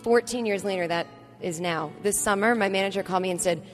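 A woman comedian telling a long story in a casual chat, animated and acting out the other people's lines. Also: mid-range voice, quick pace, soft background music. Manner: animated, acts out quoted voices. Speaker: comedian guest.

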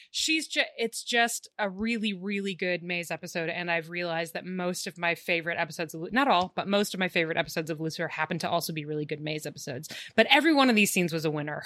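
A woman co-host in casual podcast chat, talking in an emphatic, gushing way with frequent restarts. Her voice is bright and forceful and sits a little high. The sound is dry and close on a remote call mic. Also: no echo.

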